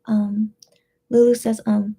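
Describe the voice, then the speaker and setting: A tearful woman hosting a casual livestream, reading out chat messages in a subdued, hesitant way with many pauses and fillers. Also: mid-range voice, level tone, dark tone, husky.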